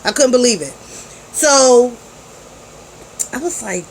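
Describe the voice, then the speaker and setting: Chatty slangy mother, higher voice. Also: animated, slow, slight background noise, poor audio. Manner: chatty and slangy, with frequent restarts. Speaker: parent vlogger. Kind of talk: casual storytelling to camera.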